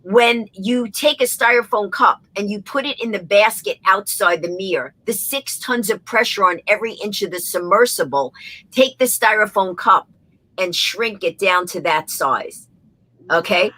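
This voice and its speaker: A woman with a New York accent, an interview guest telling anecdotes quickly and acting out the voices of the people in them. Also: medium pitch, sharp tone, low-quality recording. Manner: rapid, acts out every voice in her stories. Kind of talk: animated anecdotal storytelling.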